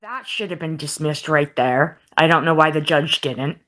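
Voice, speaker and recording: A woman's voice: deep voice, moderate pace, fairly bright tone. A woman venting to her viewers, frustrated and holding back tears. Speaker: video auditor. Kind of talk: vlog clip.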